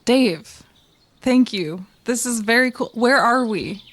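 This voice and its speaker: A woman's voice: a little high, lively intonation, slow, a bit bright. A woman player in a tabletop role-play, talking casually.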